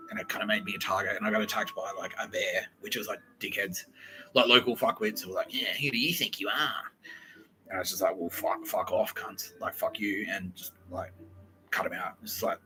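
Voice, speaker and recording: A young man hosting a podcast, telling a rambling comic story in a casual way, swearing a lot and acting out quotes in quick asides. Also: on the low side, pushed and bright, a little hiss or hum, low-quality recording. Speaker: podcast host.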